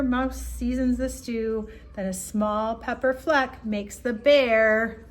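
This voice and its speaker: A woman's voice: a little high, fairly even intonation, takes it slowly. A woman reading a picture book aloud in a rhythmic, playful way. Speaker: storybook reader.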